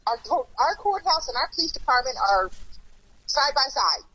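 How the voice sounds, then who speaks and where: A woman hosting a casual chat, animated and blunt, repeating herself and swearing as she talks. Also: high voice, moderate pace, breathy edge, lo-fi sound. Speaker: host.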